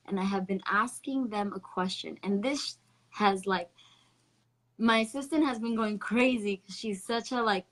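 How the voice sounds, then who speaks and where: A woman's voice: medium pitch, a bit bright, low-quality recording. A woman hosting a casual livestream. She is upbeat and speaks directly to her viewers, introducing topics and guests. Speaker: host.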